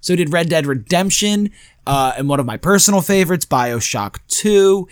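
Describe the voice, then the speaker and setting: A man's voice: on the high side, animated, normal speed, clean tone, no echo. A man co-hosting a casual podcast, talking conversationally, drifting mid-thought and slipping in dry jokes. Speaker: podcast co-host. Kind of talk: casual podcast chat about video games.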